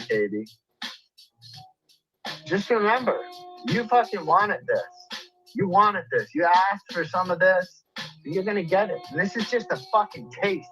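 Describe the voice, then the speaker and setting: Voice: medium pitch, a bit bright, rough recording. A livestreamer in the middle of an angry rant, profane and repetitive, and out of breath.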